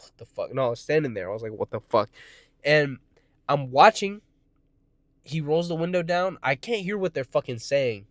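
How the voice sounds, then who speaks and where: Man in his 20s, middle pitch, recorded dry; casual storytime with rambling restarts and constant cursing. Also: dry recording. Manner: profane, rambling, frequent swearing; restarts and self-corrections.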